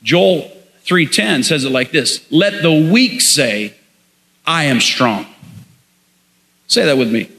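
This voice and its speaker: A man's voice: on the high side, expressive, slow pace, pauses often, fairly bright tone, long reverb tail. A man preaching a sermon as pastor, leading the congregation in call-and-response.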